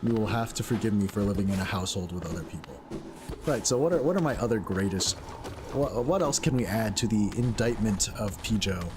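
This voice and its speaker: A man's voice: fairly low pitch, a little fast, noisy background. A man chatting casually while playing a game. He rambles with lots of fillers and breaks into laughter. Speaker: gaming streamer. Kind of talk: casual gameplay commentary. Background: other people in the house.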